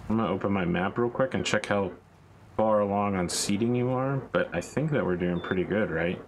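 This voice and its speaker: A deep-voiced man hosts a game stream, tossing off jokes and tangents in loose casual chat. His talk wanders and restarts, and a faint hum sits in the background. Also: a little fast, rough recording. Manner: joking, rambling banter with restarts.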